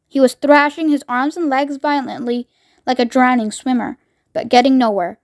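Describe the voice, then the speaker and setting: High-voiced woman reading a children's book. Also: moderate pace, no room sound, clean studio sound. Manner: lively, expressive. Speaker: reader. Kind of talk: children's book read-aloud.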